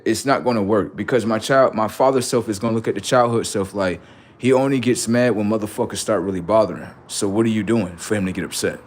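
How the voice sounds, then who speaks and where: A middle-aged man rambling profanely to his livestream about his kids, acting out what they say in lively quoted voices. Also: fairly low pitch. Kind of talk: casual monologue to a livestream audience.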